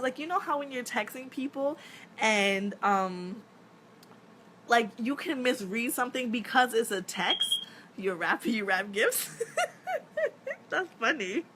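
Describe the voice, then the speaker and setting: A woman in her thirties, an actress chatting casually on a live stream, telling animated stories, laughing often and swearing freely. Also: fairly high pitch, slight background noise. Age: 30s.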